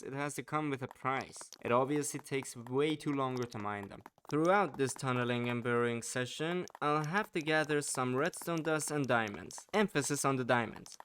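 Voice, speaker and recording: Man, let's play host, scripted voice-over, playful theatrical wizard persona, mid pitch, faint background hiss. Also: fairly bright tone.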